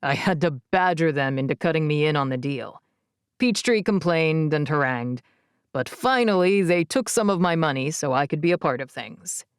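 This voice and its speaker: Woman doing earnest young man, low soft voice, tender, audiobook, dry close mic. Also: expressive, moderate pace, clean tone, no room sound. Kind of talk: audiobook character reading. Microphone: close studio mic, dry.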